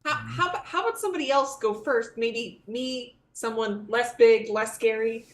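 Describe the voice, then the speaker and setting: A woman's voice: a little high, normal speed. A woman playing a tabletop game, chatting in a playful way. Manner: playful, laughs between lines. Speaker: player. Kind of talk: casual tabletop role-play. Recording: roomy echo.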